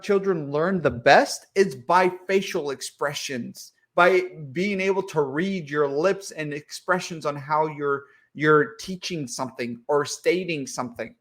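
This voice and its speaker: A man's voice: a little high, takes it slowly. A man co-hosting a political podcast, ranting with lots of swearing and repetition. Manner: profane and worked-up, repeats himself. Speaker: podcast co-host. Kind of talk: heated political podcast chat.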